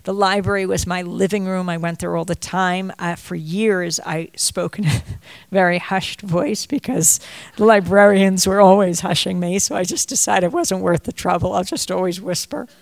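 Gravelly-voiced woman telling stories. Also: on the low side, normal speed, no room sound. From United States. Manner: digressive storytelling, chatty asides. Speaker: journalist and author on a book tour. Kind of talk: bookstore talk to an audience. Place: bookstore event.

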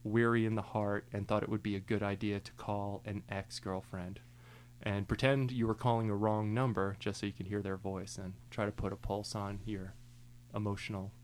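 A man's voice: fairly low pitch, little pitch movement, normal speed, a little hiss or hum. A young man playing music live on the radio, chatting loosely and joking between songs and often laughing. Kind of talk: casual on-air chat between songs.

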